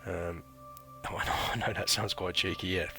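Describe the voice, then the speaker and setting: A man's voice: low voice, level tone, normal speed, vocal fry, bright, forceful tone, faint music behind. A man in his thirties telling a chatty, rambling story about his military training in a casual vlog. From United Kingdom. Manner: rambling and chatty, full of fillers and slang. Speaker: former recruit recounting training.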